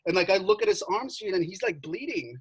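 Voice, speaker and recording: A young man telling a story in casual chat, animated, swearing and full of filler words. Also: sits high, brisk, breathy edge, low-quality recording. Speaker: podcast co-host.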